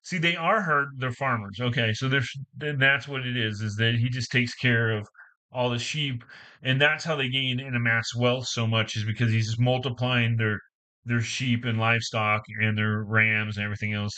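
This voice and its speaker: A man reading scripture aloud in a halting way, restarting phrases and adding casual asides. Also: mid-range voice, bright, forceful tone, poor audio. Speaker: Bible reader and commentator.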